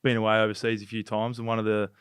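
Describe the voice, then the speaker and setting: Low-voiced podcast host. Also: male voice, completely flat delivery, rapid-fire, clean tone, no room sound, studio quality. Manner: joking, teasing banter. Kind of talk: casual chat.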